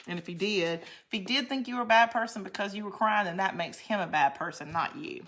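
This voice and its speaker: A woman's voice: mid-range voice, a little fast, a bit bright, a little hiss or hum. A middle-aged woman hosts a casual craft livestream. She rambles chattily and answers viewer comments as she works. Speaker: craft channel host.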